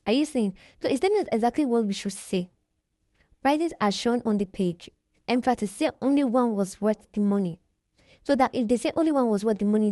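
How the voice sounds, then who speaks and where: Woman, mellow voice, chatty screen-share tutorial, reads text aloud and explains it, dry close recording. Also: on the high side, no room sound. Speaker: tutorial creator.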